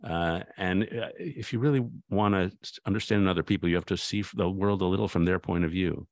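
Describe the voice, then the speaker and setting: A man's voice: low-pitched, a little fast, darkish tone, no echo, clean studio sound. A man, a guest author, in a reflective conversation, thoughtful and anecdotal, often restarting his sentences.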